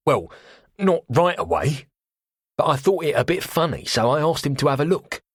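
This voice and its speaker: A man's voice: a little high, lively intonation, normal speed, no room sound, studio quality, voice pushed up. A man doing a wary cockney quartermaster. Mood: wary, deferential. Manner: clipped, deferential, says sir a lot. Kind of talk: audiobook character voice.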